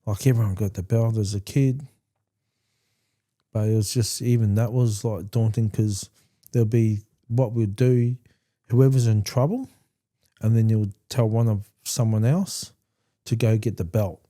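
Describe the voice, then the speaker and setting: A man hosting a podcast, telling a personal story candidly in a halting way with frequent restarts. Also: lowish voice, dark tone. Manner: candid and plainspoken. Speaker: podcast host.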